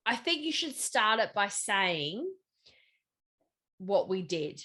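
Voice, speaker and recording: A woman's voice: mid-range voice, takes it slowly. A woman co-hosting a podcast, teasing and cutting in during casual chat. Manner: lively, teasing, jumps in with interruptions. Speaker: podcast co-host.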